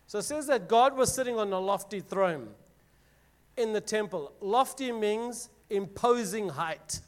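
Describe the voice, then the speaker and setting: A man's voice: sits high, lively intonation, unhurried. A man giving a casual Bible teaching to a group, reading scripture dramatically and explaining it in plain words with fillers. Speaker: youth preacher.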